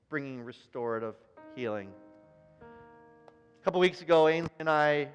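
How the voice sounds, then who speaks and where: A man, a pastor, preaching a sermon and telling a story, building to emphatic repeated phrases. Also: medium pitch. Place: church sanctuary. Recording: church hall reverb with soft keyboard music.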